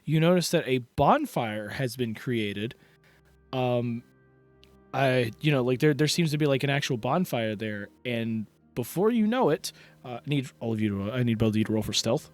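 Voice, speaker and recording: A man's voice: mid-range voice, expressive, normal speed, soft background music. A man narrating as dungeon master in a rambling way, full of fillers. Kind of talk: narrating a tabletop game.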